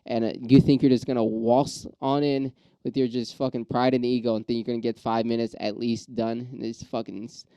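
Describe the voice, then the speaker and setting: A man's voice: mid-range voice, a little fast, few pauses, clear, resonant tone, no echo, poor audio. A man, an aspiring stand-up comic, in a casual, profane, rambling monologue that flares up and then settles. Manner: profane, rambling ranting with restarts; gets riled up then calms.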